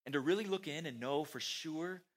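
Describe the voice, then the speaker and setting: Speaking at a moderate pace in a fairly high male voice, a pastor delivers a casual, conversational church sermon. He poses rhetorical questions to the congregation and adds self-deprecating asides.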